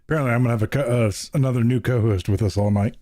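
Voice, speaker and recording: A man hosting a casual podcast, steering the chat to its next topic in a relaxed way. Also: mid-range voice, very fast, no room sound, studio quality. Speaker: podcast host.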